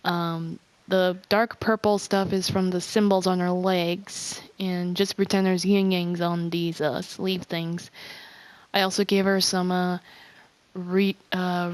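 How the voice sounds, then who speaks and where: A woman giving casual gameplay commentary for her video, rambling and halting with many restarts. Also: lowish voice, level tone, dry recording. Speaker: game video creator.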